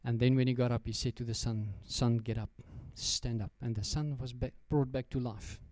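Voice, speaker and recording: A man's voice: medium pitch, steady tone, moderate pace, a little mellow, no room sound. A man, preaching a sermon as pastor and telling a story in a direct, storytelling way, often turning to address the children.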